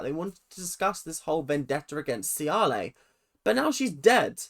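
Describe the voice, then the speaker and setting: Opinionated guy with a lively voice. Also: a little high, normal speed. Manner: opinionated, rambling, goes off on tangents. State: tired. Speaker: reaction vlogger. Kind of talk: casual episode recap.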